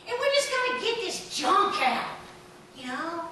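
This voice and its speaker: Woman, pastor preaching, folksy storyteller, bright voice, distant mic, faint noise. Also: extremely high pitch, a little slow. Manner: folksy storytelling with animated shouts. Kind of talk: sermon. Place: church sanctuary. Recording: echoey church from far off.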